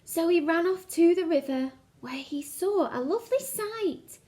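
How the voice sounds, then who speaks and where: A woman teacher reading a picture book aloud to children, expressive and engaging. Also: extremely high pitch, a little slow, few pauses. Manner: expressive, asks the listeners questions.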